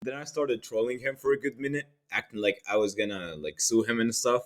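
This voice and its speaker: A young man narrates a storytime vlog in an animated, mocking tone full of slang. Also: medium pitch, fairly quick. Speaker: channel host.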